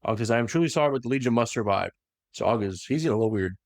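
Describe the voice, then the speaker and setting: A man casually recapping a story for a co-host, slipping into quick voiced quotes of the characters. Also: medium pitch, no room sound, studio quality. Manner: animated retelling that slips into quick voiced quotes. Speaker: podcast host recapping lore. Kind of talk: casual lore recap chat.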